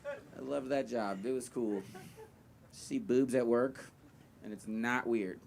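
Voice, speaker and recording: A man's voice: medium pitch, takes it slowly, creaky, darkish tone. A young man performing a stand-up set, telling a loose, rambling story full of fillers and swearing. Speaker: stand-up comedian. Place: live comedy venue with audience. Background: audience laughter.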